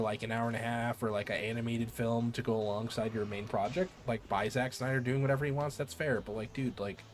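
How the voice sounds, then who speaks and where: Man, game streamer, mid pitch, excitable rambling chat peppered with swearing. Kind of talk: casual chat while gaming.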